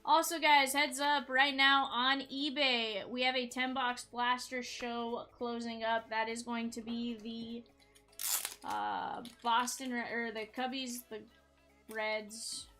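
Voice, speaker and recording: Bright-voiced upbeat woman hosting a card break. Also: on the high side, slow, faint music behind. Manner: chatty, upbeat, talks straight to viewers. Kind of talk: live stream card break chat.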